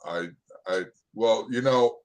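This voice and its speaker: A man, an electrician, joking around as a guest on a live webinar in loud, casual banter. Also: fairly low pitch, takes it slowly. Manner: jokey and loud.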